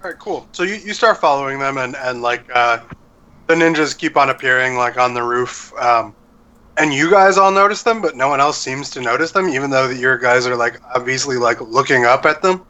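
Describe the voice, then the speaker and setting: A man's voice: mid-range voice, brisk, bright, forceful tone. Rambling young man running a tabletop game. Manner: loose, rambling, heavy on fillers. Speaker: dungeon master. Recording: dull lo-fi sound.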